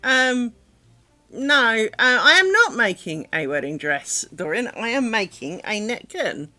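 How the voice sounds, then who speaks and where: Over soft background music, a woman from England with a light London-ish accent talks casually on a lace-making stream. Her voice sits a little high, with big pitch swings, a sharp tone and an unhurried pace, and she rambles chattily, muttering to herself while working.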